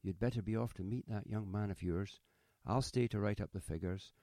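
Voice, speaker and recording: A man's voice: on the low side, fairly quick, mellow, dry recording, clean studio sound, lightly acted. A man reading a story, voicing an older male shopkeeper who talks in a genteel, fussy, ingratiating way. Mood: courteous.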